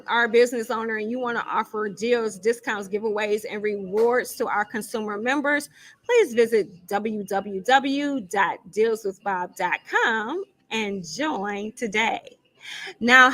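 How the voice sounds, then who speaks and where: A chatty woman with a slightly high voice, hosting a live show from a lounge studio. She runs through announcements in a loose, self-teasing way and thinks aloud as she goes. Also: a bit bright. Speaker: show host. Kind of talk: casual live-stream announcements.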